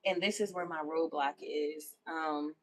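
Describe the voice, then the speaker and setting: A woman's voice: sits low, fairly even intonation, measured pace. A woman hosting a livestream in casual chat, candid and self-affirming, who keeps asking "you know what I'm saying?". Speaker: livestream host.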